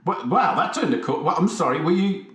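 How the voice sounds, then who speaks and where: A man co-hosting a podcast in casual comedic chat, telling mock-serious deadpan jokes. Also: sits high, a little fast. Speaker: podcast co-host. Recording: roomy, echoey room.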